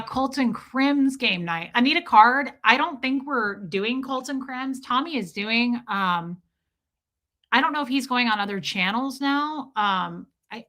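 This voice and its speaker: A woman's voice: a little high, pushed and bright. A woman hosting a livestream in casual chat with viewers, telling stories freely, laughing and swearing as she goes. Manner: chatty storyteller who laughs and swears freely. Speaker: livestream host.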